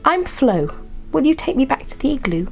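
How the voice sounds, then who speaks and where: Name: Flo. Woman doing a whiny little male husky pup. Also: high-pitched, sing-song, normal speed, faint music behind, voice pushed up, exaggerated voice. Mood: pleading. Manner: pleading, childlike. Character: small male husky puppy, needy and whiny.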